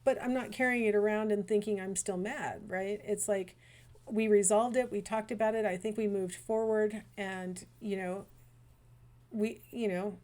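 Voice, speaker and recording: A woman's voice: mid-range voice, steady tone, moderate pace, a little mellow. A middle-aged woman lecturing in a chatty, digressive way, with asides and fillers. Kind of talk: recorded lecture.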